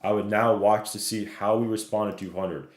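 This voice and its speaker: A man with a fairly low voice runs through stock charts on a live stream, reading chat messages and tagging his points with "right?" and "okay?". His voice carries a roomy echo. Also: fairly even intonation. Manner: fast, repeats "right?" and "okay?", reads chat aloud.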